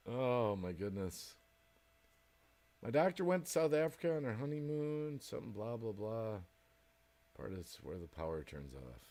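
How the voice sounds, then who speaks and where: An American man talks casually on a home livestream. He rambles and laughs often, and his pitch rises and falls in a lively way as he chats with viewers. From United States. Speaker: livestream host. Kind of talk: casual chat reading viewer comments.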